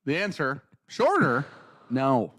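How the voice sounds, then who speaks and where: A man chatting casually as a co-host, mid-pitched and lively as he acts out quotes in his anecdotes. His voice is recorded close and dry. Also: slow pace, no echo. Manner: animated storyteller, acts out quotes. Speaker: podcast co-host. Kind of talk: casual chat.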